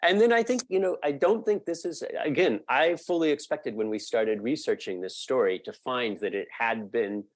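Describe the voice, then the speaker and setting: Halting, thoughtful man explaining. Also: medium pitch, no echo. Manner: thoughtful, halting with many fillers. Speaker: podcast guest, media researcher. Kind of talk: explanatory interview answers.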